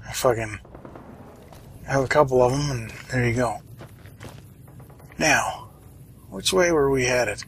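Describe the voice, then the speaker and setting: A man's voice: medium pitch, lively intonation, takes it slowly, creaky, pauses often, a little hiss or hum, low-quality recording. A man casually commenting on his own gameplay, wry and chatty, muttering to himself and swearing now and then. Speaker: let's play host.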